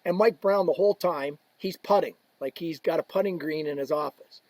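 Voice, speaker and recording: A slightly high, husky man tells a story on a podcast. He talks casually and puts on the voices of the people in it. The tone stays loose and lively. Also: fairly quick, no echo, rough recording. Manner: animated storyteller, acts out quoted voices. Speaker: podcast guest.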